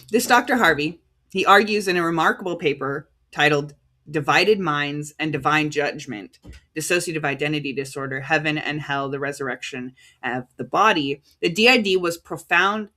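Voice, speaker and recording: An American woman preaching a livestreamed sermon in a conversational, halting way, stopping to sort out names and titles as she reads them out. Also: sits low, fairly bright tone. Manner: conversational, halting, stops to reread cited titles.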